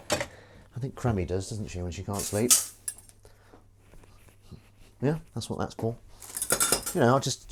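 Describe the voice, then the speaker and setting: A man's voice: on the low side, noisy background. A man chatting casually and joking with viewers while he washes up on a livestream. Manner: chatty, jokey, greets viewers by name. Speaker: livestream host. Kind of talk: casual chat while washing up. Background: clinking dishes and cutlery.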